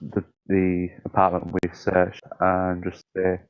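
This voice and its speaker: A man with a lowish voice speaks hesitantly as a player in a tabletop game, stopping often for fillers. His voice comes through a dull, lo-fi mic with a very dry sound. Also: completely flat delivery, slow pace, gravelly, clean tone, no echo. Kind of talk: casual tabletop game chat.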